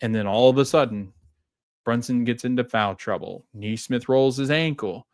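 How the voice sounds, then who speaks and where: A man's voice: mid-range voice, normal speed, dry recording, clean studio sound. A man hosting a sports fan show, talking casually and rambling through a game recap with many restarts. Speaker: podcast host.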